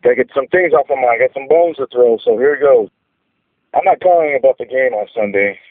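A man's voice: mid-range voice, animated, fairly quick, no room sound. A man from North Carolina calling in, giving his earnest take on the team with frequent hesitations. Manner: earnest fan analysis with hesitations. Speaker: caller. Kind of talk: call-in comment. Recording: tinny phone line.

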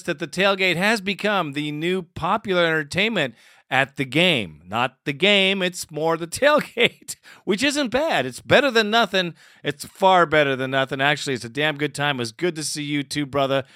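A man hosts a fan call-in show with a lively, swooping voice that rises fairly high. His tone is bright and a little sharp, and he swears and laughs often. The sound is close and dry. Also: normal speed, no echo. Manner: profane, laughing, animated. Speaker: podcast host. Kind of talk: casual fan talk show, mock group therapy.

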